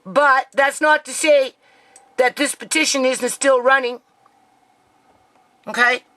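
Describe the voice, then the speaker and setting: A woman's voice: high-pitched, steady tone, takes it slowly, a bit bright, no room sound, poor audio. A grieving mother talking to camera in an emotional vlog, near tears, who keeps asking "okay?" and calling out to "people".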